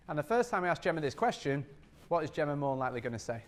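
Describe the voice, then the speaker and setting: Fast-talking energetic male sales trainer. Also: fairly high pitch. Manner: energetic, repetitive, acts out customer scenes. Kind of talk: training workshop talk.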